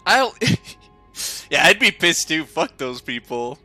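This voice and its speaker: A man's voice: fairly high pitch, very animated, slow, bright, forceful tone, no echo, soft background music. A young man streaming a game, chatting casually with viewers, laughing often and swearing freely. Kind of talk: casual chat while gaming.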